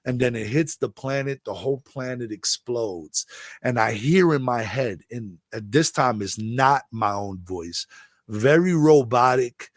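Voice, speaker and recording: A middle-aged man from the Bronx, recounting a long personal story as an interview guest, rambling and halting with many fillers. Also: mid-range voice, dry recording, clean studio sound. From the Bronx, New York.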